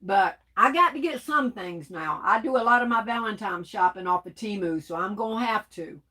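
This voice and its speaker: A woman's voice: mid-range voice, expressive, moderate pace, bright, forceful tone. A woman hosting a casual livestream, chatty and laughing often as she reads viewer comments aloud. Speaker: livestream host reading chat.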